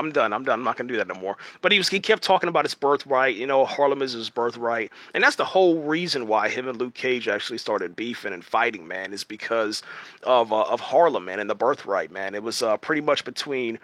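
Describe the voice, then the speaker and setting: This time the reviewer's voice sits mid-range, animated and brisk with a fairly bright tone and no echo, captured on a home streaming mic. He rambles loosely about the TV series, full of fillers and restarts, ending sentences with "man."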